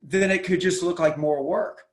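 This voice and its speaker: A man's voice: on the high side, moderate pace, roomy sound. A man answering interview questions as a company's operations chief, thinking aloud and repeating words as he builds his points. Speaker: COO and guest.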